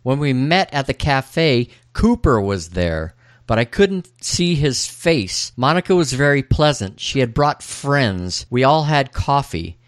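A man reading the lines of an older male FBI chief who recounts a strange dream, in a slow, deliberate dramatic delivery. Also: mid-range voice, very animated, dry recording, clean studio sound, voice pushed up. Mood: eerie recounting.

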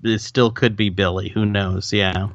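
A man co-hosting a podcast, casually discussing a TV episode, relaxed and a bit profane. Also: lowish voice, unhurried, dry recording. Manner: loose, swears casually, frequent "right" and "yeah". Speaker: podcast co-host. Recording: dull lo-fi dry sound.

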